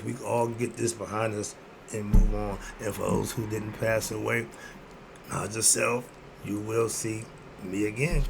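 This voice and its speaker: A man's voice: lowish voice, gravelly, background noise. A man in his sixties hosting his own video, ranting bluntly and answering his own rhetorical questions. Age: 60s. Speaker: video host. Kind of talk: ranting monologue.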